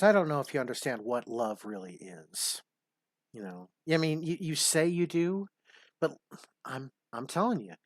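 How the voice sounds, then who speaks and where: A man's voice: mid-range voice, dry recording. A man hosting a stream, dropping dry, sarcastic asides over a played clip. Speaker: stream host.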